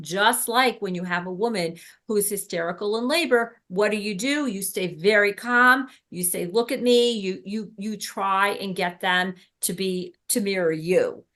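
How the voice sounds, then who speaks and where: A woman's voice: mid-range voice, unhurried, hardly any pauses, bright, forceful tone. A woman leading a workshop for birth helpers, talking casually with many ums and restarts. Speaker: doula trainer. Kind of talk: workshop teaching.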